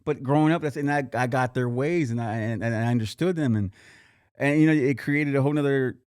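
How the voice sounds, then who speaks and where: Picture a man talking quickly and loosely on a podcast, words tumbling out with restarts and casual swearing. The sound is dry and close, with no room around him. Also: medium pitch, darkish tone, clear, resonant tone, dry recording. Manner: rambling, swears freely, many restarts. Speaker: podcast co-host. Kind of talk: casual chat.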